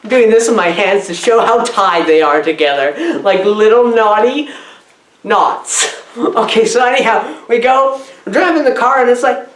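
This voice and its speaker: Woman, comic reviewer; high, giggly, wildly swooping delivery; rambling absurd asides. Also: moderate pace, reverberant. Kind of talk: absurdist comedy film review.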